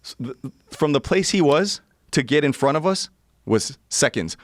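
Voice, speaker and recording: A man in his forties telling a story in casual chat, animated and laughing often as he acts out the people in it. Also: a little high, moderate pace, no echo, clean studio sound. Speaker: podcast guest.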